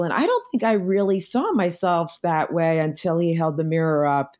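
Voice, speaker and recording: In a conversational podcast interview, this middle-aged American guest recounts personal stories with warmth and earnest reflection. Her lowish voice has lively intonation, and she keeps a normal speed with hardly any pauses.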